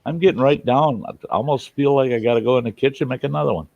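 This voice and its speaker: A man's voice: medium pitch, quick pace, vocal fry, dry recording, lo-fi sound. A man hosting a casual livestream, chatting and joking while he eats, talking with his mouth full. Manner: jokey and chatty, lively. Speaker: show host.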